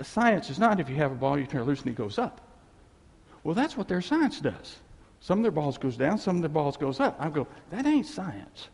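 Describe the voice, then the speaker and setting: A preacher delivers a folksy sermon in a high, lively, gravelly voice with a husky edge. His words ring out with a long, echoing reverb. He keeps it animated and chatty, dropping in laughing asides. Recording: echoey hall with long reverb.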